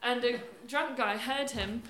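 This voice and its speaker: A woman's voice: fairly high pitch, unhurried. Playful woman hosting before a crowd. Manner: playful, chatty, self-deprecating. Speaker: host of a live storytelling event. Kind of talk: live stage hosting. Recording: echoey room with audience and background noise.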